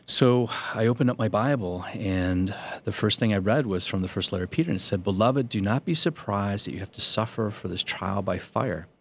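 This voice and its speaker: A man with a fairly low voice tells his own conversion story as a Catholic priest. He speaks earnestly and pokes fun at himself along the way. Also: brisk, hardly any pauses, breathy edge. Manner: earnest storytelling with self-deprecating humor. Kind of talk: personal faith testimony.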